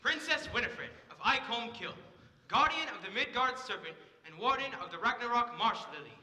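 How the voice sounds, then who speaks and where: A man's voice: extremely high pitch, lively intonation, normal speed, sharp tone, heavily acted. A man playing an eager, formal young knight who stammers when flustered, on stage. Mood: earnest. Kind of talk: stage musical acting. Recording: distant echoey hall recording.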